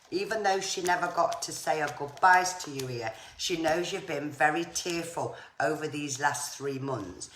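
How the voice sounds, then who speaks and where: A woman giving psychic readings on a live stream, chatty and reassuring, often saying viewers' names. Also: deep voice. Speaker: psychic medium. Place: home room on a live stream. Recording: echoey room with faint noise.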